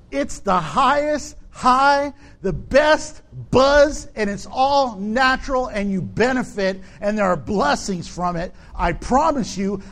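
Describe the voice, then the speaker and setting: Man, middle-aged pastor, high voice, slow dramatic sermon delivery. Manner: animated preaching, acts out quoted people in a high shout.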